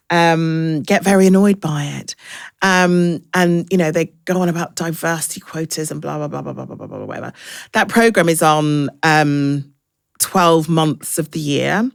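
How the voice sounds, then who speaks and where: A woman in her forties, a broadcaster guest in an interview, talking frankly and telling lively stories. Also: low voice, vocal fry, dry recording, studio quality. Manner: frank, anecdotal, lively storytelling. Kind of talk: casual interview chat.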